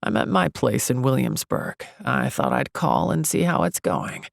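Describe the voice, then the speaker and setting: A woman reading an audiobook voices a relaxed, teasing young man with a deep, rumbly voice. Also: a little slow, gravelly, no room sound, studio quality, full character voice. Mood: easygoing.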